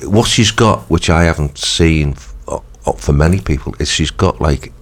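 A man with a croaky voice, hosting a radio show and chatting casually, rambling with lots of ums and restarts. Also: extremely low pitch, normal speed. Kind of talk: casual chat.

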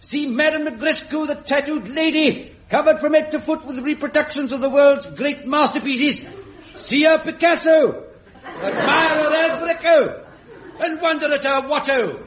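An actor playing a loud circus barker calling in the crowds with showman patter in an old radio comedy. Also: very high voice, moderate pace, a faint crowd, slight background noise. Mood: brash. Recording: dull old radio recording.

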